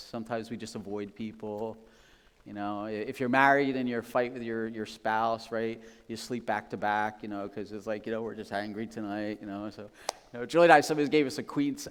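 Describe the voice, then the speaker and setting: A man preaching a sermon as pastor, casual and storytelling, often laughing and acting out voices. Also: medium pitch. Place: church sanctuary. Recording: long reverb of a church hall.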